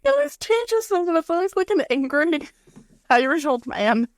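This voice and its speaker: A woman with a high voice joins in as a podcast co-host. She adds short, agreeing remarks to the chat. The sound is dry, with no room echo. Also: big pitch swings, a little slow. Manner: brief agreeing interjections. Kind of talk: casual chat.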